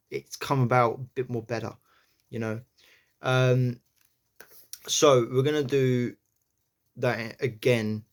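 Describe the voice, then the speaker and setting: Rambling man explaining accent practice. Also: mid-range voice. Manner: rambling, many fillers, trails off quietly. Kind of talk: casual how-to talk to camera.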